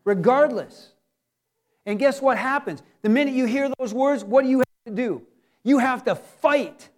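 High-voiced man preaching animatedly. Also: measured pace. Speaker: pastor. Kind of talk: sermon.

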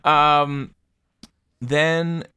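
A man's voice: a little high, steady tone, drawn-out words, pushed and bright, clean tone, dry recording. A young man co-hosting a podcast, chatting casually in a rambling, laid-back way with plenty of swearing. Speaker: podcast co-host. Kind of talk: casual chat.

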